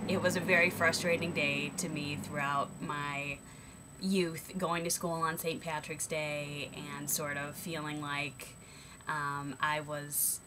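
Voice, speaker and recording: Woman, young adult, American, bright tense tone, hesitant, thoughtful vlog talk. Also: low voice, slight background noise. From United States. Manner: thoughtful, hesitant, full of ums and self-corrections. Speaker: vlogger. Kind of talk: reflective personal vlog monologue.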